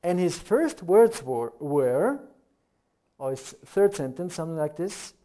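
A middle-aged native German speaker with a German accent preaches a sermon in a fairly high voice at a measured pace. He speaks earnestly, building up to animated rhetorical questions.

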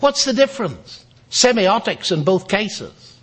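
A man's voice: high voice, big pitch swings, unhurried, a bit bright, husky. A man giving a public lecture, telling a story in a wry, storytelling manner. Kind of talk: lecture with anecdote.

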